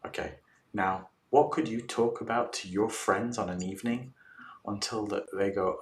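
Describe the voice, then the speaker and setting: Male guest coach, low voice, lively storyteller; distant, echoey call audio with faint background hum. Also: moderate pace. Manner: animated storytelling, acts out clients' replies. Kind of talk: casual interview talk. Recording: roomy, distant mic with faint ambience.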